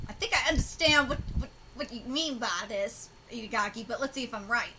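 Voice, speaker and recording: High, bright, excitable woman streamer. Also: fast talker, few pauses, a little hiss or hum. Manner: excitable, swears and laughs often. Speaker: manga reaction streamer. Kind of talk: live reaction commentary.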